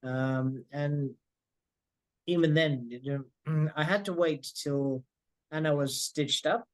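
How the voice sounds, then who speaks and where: A man answering interview questions very slowly, halting and clearing his throat between thoughts. His voice is a bit high for a man and sounds close and dry, with no room echo. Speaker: patient's husband.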